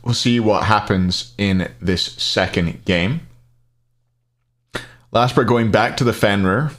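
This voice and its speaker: Low-ish guy casting on stream, rambly, answers chat between plays. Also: slow, fairly bright tone. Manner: rambling and chatty, answers chat questions aloud. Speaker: esports caster streaming a match. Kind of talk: casual live-stream commentary.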